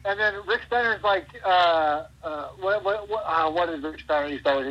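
A man in his forties, a pro wrestler guest, telling stories in a rambling, animated way and laughing often. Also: sits high, brisk, few pauses, husky, highs cut off. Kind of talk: casual interview chat.

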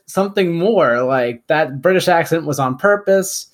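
A man's voice: on the high side, lively intonation, a little slow. A young man co-hosting a podcast, thinking aloud about a film with frequent uhs and restarts. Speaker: podcast co-host. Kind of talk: casual film discussion.

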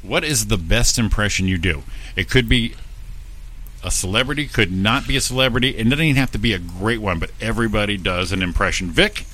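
A man hosting a podcast, reading out quiz questions in an upbeat, lively way in a studio. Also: on the low side, brisk. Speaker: podcast host running a quiz. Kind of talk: casual podcast chat.

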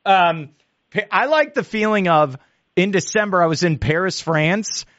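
Lively high-voiced male radio host. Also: normal speed, dry recording, lo-fi sound. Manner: animated storyteller, laughs often. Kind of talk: casual radio chat.

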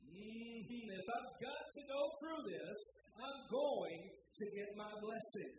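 A man's voice: extremely high pitch, lively intonation, slow. A man preaching a sermon with emphatic, rising delivery and call-and-response to the congregation. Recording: roomy, distant, noisy hall sound.

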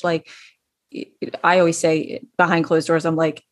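A woman's voice: sits low, flat delivery, moderate pace. Chatty woman giving parenting advice. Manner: chatty, many fillers and restarts. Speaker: school educator advising parents. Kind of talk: casual advice talk.

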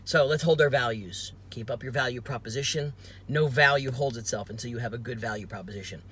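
A man's voice: mid-range voice, fairly quick, breathy edge. A podcast host and sales coach from New Jersey, a man telling a story in casual talk, acting out the other person's lines and laughing as he goes. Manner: animated, acts out quoted voices with laughs.

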